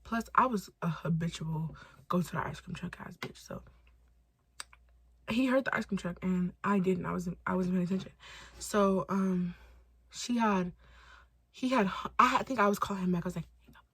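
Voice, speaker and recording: A young woman from Los Angeles telling a storytime vlog in casual, animated style, swearing freely and acting out quotes. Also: on the low side, normal speed, long pauses, breathy edge. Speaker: storytime vlogger.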